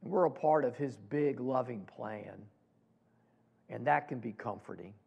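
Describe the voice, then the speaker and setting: Slow, gravelly-voiced male pastor preaching. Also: mid-range voice, highs cut off. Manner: slow, deliberate preaching with pauses and restarts. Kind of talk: sermon.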